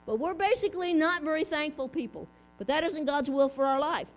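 Folksy high-voiced woman preaching. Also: a little fast. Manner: folksy, chatty, asks the audience questions. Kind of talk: casual sermon. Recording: mains hum underneath.

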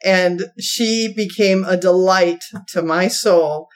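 In animated storytelling chat, a woman slowly spins a long, funny tale from her church life in a folksy manner. She laughs often as she talks and switches into high voices when quoting people.

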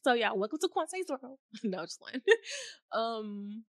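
A young woman hosting a faith-based podcast, talking in a rambling, heartfelt way with many fillers, at times near tears and laughing softly. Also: on the high side, sing-song, slow pace, no room sound, clean studio sound. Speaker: podcast host.

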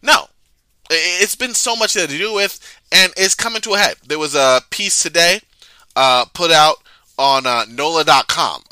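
A man riffs on basketball news in a casual, rambling way, stammering and restarting mid-thought. His voice is quite bright and a touch high. The sound is very dry and close. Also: dry recording. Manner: chatty, stammers and restarts, reads quotes aloud. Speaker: sports podcast host. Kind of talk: casual sports commentary.

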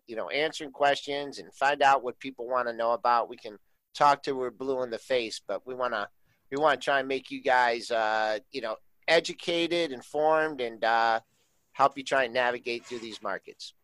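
A man's voice: mid-range voice, normal speed, a bit bright, dry recording, rough recording. Casual rambling man, dry sound. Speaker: co-host. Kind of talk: market commentary.

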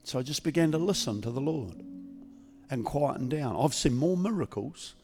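A man preaching as a guest pastor, speaking calmly and conversationally instead of shouting, leading a healing prayer in a church service. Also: medium pitch, normal speed, soft background music. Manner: calm, conversational, not yelling. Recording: long church reverb.

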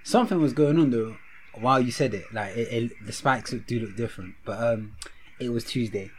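A man's voice: mid-range voice, fairly quick, slight background noise, low-quality recording. A young man co-hosting a podcast, telling a rambling, self-mocking story in slang. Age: young adult. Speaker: podcast co-host. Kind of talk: casual podcast chat.

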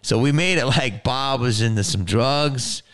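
A man hosting a podcast, telling a story in a casual, animated way with lots of swearing and laughing. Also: medium pitch, unhurried, clear, resonant tone, dry recording, studio quality. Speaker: podcast host.

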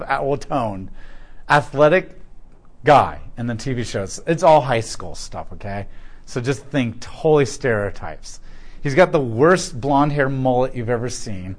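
A male pastor preaching a sermon in a conversational, storytelling way, putting questions to the congregation. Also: mid-range voice.

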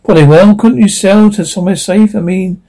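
A man reading the part of a quick, practical young woman in a script read-aloud. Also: high voice, gravelly, warm tone, rough recording. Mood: coaxing.

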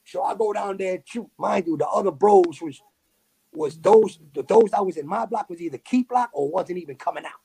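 A man with a New York accent telling a story in a casual, animated way, full of slang and fillers. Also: sits high, moderate pace, creaky, breathy edge. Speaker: podcast guest.

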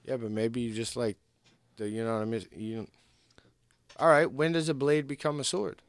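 Jokey male co-host with a smooth, clear voice who pokes at others' claims in a dry sound. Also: medium pitch, fairly even intonation, moderate pace, no room sound. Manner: jokey, challenges others with questions. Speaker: podcast co-host. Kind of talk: casual chat.

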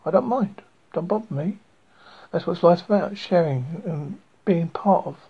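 A man from Essex, England, hosting a small community radio show, rambling along in a chatty, self-deprecating way. His voice is husky and breathy. The recording sounds dull and lo-fi. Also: high voice, animated, a little slow. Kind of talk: rambling casual radio chat.

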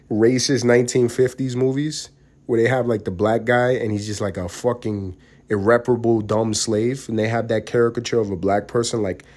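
Profane young New man rambling. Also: lowish voice. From New York, USA. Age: young adult. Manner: profane, rambling, swings between loud and mumbled. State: getting over the flu. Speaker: podcast host. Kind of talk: casual monologue.

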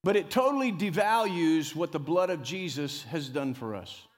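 A man preaching a sermon as pastor, emphatic and animated, often rising loud and dropping to a near hush. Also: normal speed, in a large hall. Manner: emphatic preacher who rises and drops in pitch and loudness, calling "come on".

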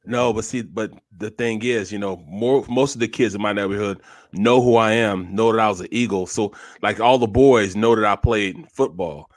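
A man, co-host and former football player, telling a story in casual chat and acting out the voices with loud bursts. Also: fairly low pitch, normal speed, dry recording. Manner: acts out dialogue with loud bursts.

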